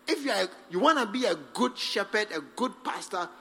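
This sermon comes from a high-voiced pastor speaking at an ordinary pace in a space with long hall reverb. His pitch moves over a wide, animated range as he stresses points forcefully, invites responses, and performs short back-and-forth exchanges.

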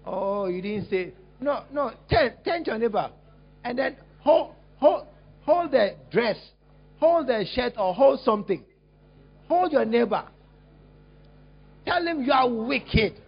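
A man preaching a lively sermon as a pastor, teasing and exclaiming at his congregation while acting out a scene. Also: very high-pitched, slow pace, gravelly, pauses often, slightly rough. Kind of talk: lively sermon with acted-out demonstration. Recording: dull lo-fi recording.

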